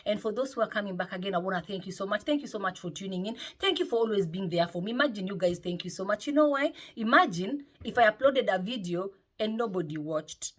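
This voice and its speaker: Lady vlogging at home, husky voice, chatty and lively, keeps saying eh. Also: mid-range voice, fast, few pauses. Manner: lively and chatty, with frequent "eh?" tags. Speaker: motivational vlogger. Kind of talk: casual chat to camera. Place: home, indoors.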